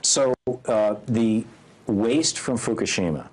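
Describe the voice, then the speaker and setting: A man's voice: on the low side, expressive, slow. A man in his sixties interviewing a guest, asking hesitant questions with frequent restarts. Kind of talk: interview conversation.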